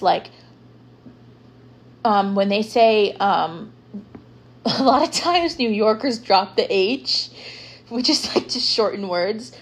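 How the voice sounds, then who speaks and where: A young woman hosting a podcast, talking casually and rambling with lots of filler words. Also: mid-range voice. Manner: chatty, rambling, lots of ums and likes. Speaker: podcast host. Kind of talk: casual solo podcast talk.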